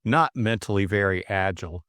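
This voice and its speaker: A man's voice: fairly low pitch, moderate pace, fairly bright tone, clear, resonant tone, no echo, clean studio sound, lightly acted. A man voicing a breezy, chummy young upper-class Englishman in an audiobook drama, talking in a chatty, confiding way. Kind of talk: audiobook character voice.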